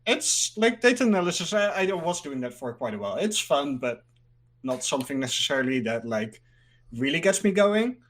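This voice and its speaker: A man's voice: fairly high pitch, sing-song, moderate pace, a bit bright. A man from the Netherlands, a guest in a casual interview, rambling and filling his talk with "like.". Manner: rambling, fills speech with "like", laughs easily.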